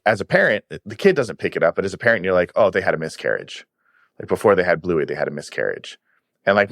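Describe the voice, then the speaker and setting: Deep-ish guy on a podcast rambling happily about cartoon episodes, dry sound. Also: fairly bright tone, dry recording. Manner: enthusiastic retelling of episodes, often using "like" as filler. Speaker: podcast guest. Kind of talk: casual podcast chat.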